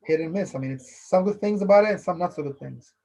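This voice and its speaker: A man's voice: high-pitched, fast, creaky, mellow. A man hosting a casual solo podcast, rambling loosely, repeating phrases and filling with "you know". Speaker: podcast host. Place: based in Philadelphia.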